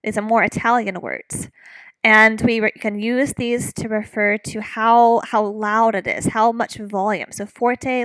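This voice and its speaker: Slow, patient woman music teacher. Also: a little high, a bit bright, no echo, low-quality recording. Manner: patient, explanatory, with frequent fillers. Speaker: music instructor. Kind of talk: recorded online lecture.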